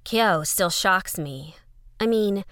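A woman's voice: medium pitch, animated, slow pace, a bit bright, no echo, clean studio sound. A woman narrating an audio fiction story in a conversational first-person letter style.

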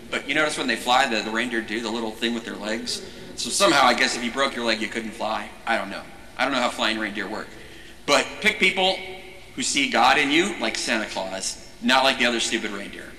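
A man's voice: mid-range voice, slight background noise. A man who is a Catholic priest, giving a casual, jokey teaching talk and often stopping to restart his sentences. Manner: animated, jokey, self-interrupting. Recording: echoey hall with long reverb.

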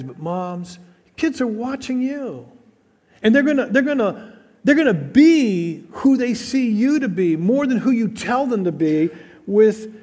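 A male pastor preaching a sermon in an earnest way, repeating words and slowing down for emphasis. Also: sits high, darkish tone, in a large hall.

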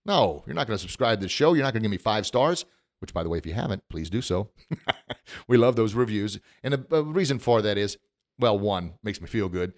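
A middle-aged man hosting a motivational podcast, standing at a studio microphone and talking with animated emotion, often laughing at himself. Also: lowish voice, fairly quick. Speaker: podcast host. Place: recording studio.

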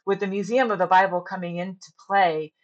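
A woman's voice: medium pitch, steady tone, a little fast, muffled recording. A woman in her thirties, a stage director and actress, talking in a chatty, earnest way during a casual podcast interview.

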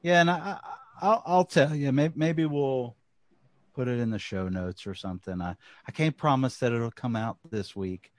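A man's voice: mid-range voice, moderate pace, no room sound. Man, southern accent, talkative podcast co-host, dry close sound. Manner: talkative, repeats words when starting sentences. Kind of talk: casual chat.

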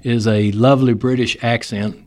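A man's voice: medium pitch, fairly even intonation, normal speed, a little mellow. A man with a Texas accent hosting a podcast, chatting in a folksy, joking way and laughing often. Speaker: podcast host. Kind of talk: casual interview chat.

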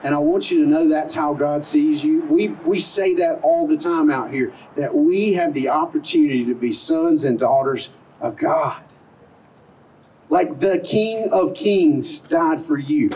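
A man's voice: fairly high pitch, a little slow, a little mellow, distant mic, slight background noise, poor audio. A middle-aged man preaching an outdoor sermon as pastor, earnest and conversational, full of rhetorical questions. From American South. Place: outdoor service in a parking lot.

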